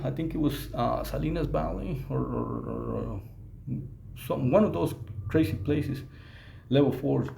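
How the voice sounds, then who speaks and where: A man who was in prison telling his own story in a halting way, with many restarts and Spanish slang. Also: medium pitch, creaky, dark tone, echoey room. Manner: mixes in Spanish slang words. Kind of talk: casual storytelling to camera.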